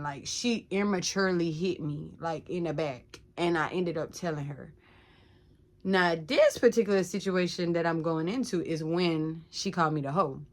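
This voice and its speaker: A young woman candidly telling her own life story to her viewers, talking casually with lots of filler words and calling out to them directly. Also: on the low side. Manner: casual, addresses viewers as "y'all", many "like" fillers.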